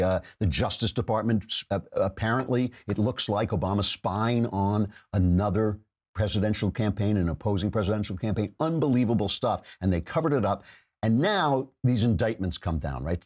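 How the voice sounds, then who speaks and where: Husky-voiced sarcastic male commentator. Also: lowish voice, darkish tone. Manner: sarcastic, mocking. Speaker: podcast host. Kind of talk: political commentary monologue.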